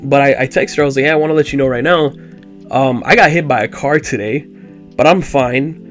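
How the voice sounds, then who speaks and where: A man's voice: mid-range voice, a little fast, soft background music. A young man telling a personal story in a casual, rambling way, full of "like" fillers. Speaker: vlogger.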